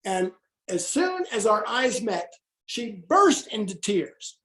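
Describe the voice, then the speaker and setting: A man's voice: high voice, very animated, slow, fairly bright tone, roomy sound. A man, an interview guest, telling an anecdote in casual conversation and acting out the voices he quotes.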